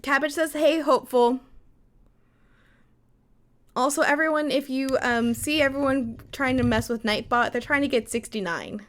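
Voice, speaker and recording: Young woman streamer reading a story game out loud and chatting w chat, a bit high pitched. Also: moderate pace, few pauses. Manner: chatty, reads game text aloud, answers chat. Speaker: live streamer.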